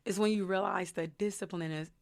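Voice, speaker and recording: A woman's voice: mid-range voice, fairly even intonation, a little mellow, no echo. A young adult woman hosting a podcast, speaking in an earnest, reflective motivational monologue. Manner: reflective, earnest, slow deliberate delivery. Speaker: podcast host.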